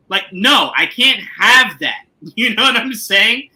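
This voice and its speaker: A man hosts a laid-back recap chat, joking and breaking into quick comic impressions. His voice sits high and rings very bright. His pitch swings widely from line to line. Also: animated, rough recording. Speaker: podcast host.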